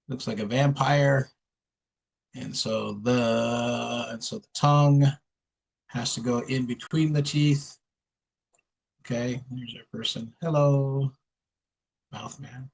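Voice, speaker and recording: A man tutoring English pronunciation over a video call, speaking slowly and patiently. He drills single sounds again and again, modeling each word for his student. His pitch sits in an ordinary middle range. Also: creaky, low-quality recording. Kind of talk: online one-on-one lesson.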